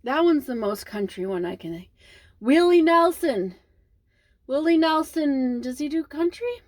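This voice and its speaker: A young woman from the Midwest with a Midwestern accent, rambling casually to camera in a vlog, with lots of ums and trailing pauses. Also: high-pitched, lively intonation, no echo. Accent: Midwestern American. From American Midwest. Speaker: vlogger.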